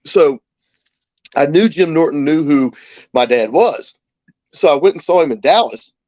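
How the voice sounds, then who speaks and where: A man in his forties chats as a talk show guest, telling a story and acting out each person's lines. His voice sits a little high. The sound is dry and slightly muffled. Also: measured pace, no room sound. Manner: animated anecdote teller, acts out quoted voices. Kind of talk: casual storytelling.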